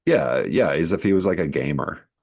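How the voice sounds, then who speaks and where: Podcast co-host, man, extremely deep voice, rambling casual delivery. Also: lively intonation, moderate pace, vocal fry, a little mellow, slightly rough. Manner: rambling, full of "like" fillers. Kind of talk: casual chat.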